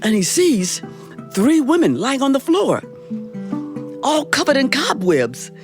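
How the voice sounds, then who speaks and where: A woman's voice: high-pitched, huge pitch swings, slow pace, a little mellow, soft background music. A woman storyteller telling a fairy tale in a playful, dramatic way, talking straight to her audience. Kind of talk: animated live storytelling. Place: live studio performance.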